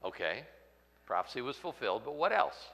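Dramatic male preacher, bright voice. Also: medium pitch, very animated, brisk, vocal fry, in a large hall. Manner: dramatic, swings from loud to hushed. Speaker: pastor. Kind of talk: sermon.

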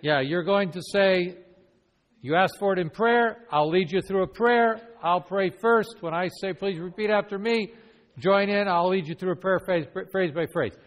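A man with a high voice leads a church evangelism training class at a moderate pace, using classroom teaching with role-play. He earnestly and conversationally asks the group one question after another, and the recording has a long hall reverb.

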